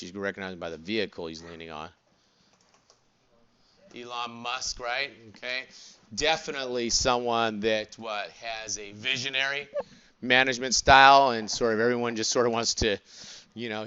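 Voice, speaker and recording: A man lectures a classroom with a bright, forceful voice, prodding students with quick "what?" and "right?" checks. He talks casually, wandering into jokes and side stories. The recording is dull and lo-fi, as if captured in the back of the room. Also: mid-range voice, clean tone. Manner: chatty, digressive, joking asides. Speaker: college instructor.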